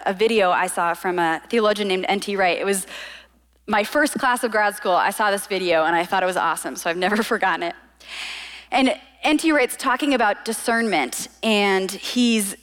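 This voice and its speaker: A young woman giving a casual, conversational sermon full of quick asides. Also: medium pitch, fairly bright tone, in a large hall. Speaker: preacher.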